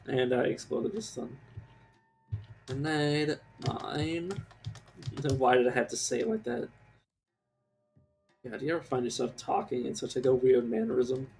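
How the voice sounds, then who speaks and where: A man's voice: mid-range voice, darkish tone. A man streaming a game live, rambling casually and mocking himself as he plays, swearing now and then. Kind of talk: casual gameplay commentary.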